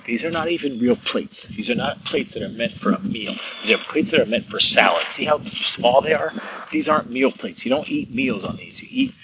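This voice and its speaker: A man's voice: mid-range voice, lively intonation, moderate pace, crowd noise, natural voice, rough recording. A man doing a cranky husband in his seventies. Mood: exasperated. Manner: swearing complaint. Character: irritated older husband in his seventies, grumbling.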